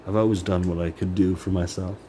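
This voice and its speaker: A man's voice: low-pitched, flat delivery, brisk, dark tone, a little hiss or hum. A man venting in a personal monologue, rambling and bitter, swearing and filling his talk with "like". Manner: rambling, profane, many "like" fillers; emotional, bitter. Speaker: vlogger.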